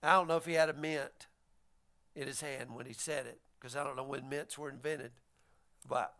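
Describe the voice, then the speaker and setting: A man's voice: fairly high pitch, expressive, moderate pace, bright, forceful tone. A man preaching a sermon, retelling a story and acting out the voices of its figures. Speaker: pastor.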